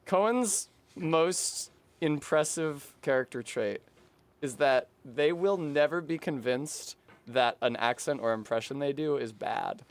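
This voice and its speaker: Guy streamer swearing and teasing his cohost, slightly high voice. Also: slow. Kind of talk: casual game-stream chat.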